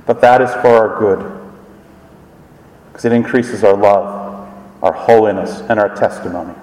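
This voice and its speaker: A pastor preaches a sermon in an earnest voice that sinks low and soft whenever he affirms his faith. He stands well back from the microphone. A long, roomy reverb from the hall surrounds every word. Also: far from the mic. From Scotland. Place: church sanctuary. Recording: echoey hall, voice from afar.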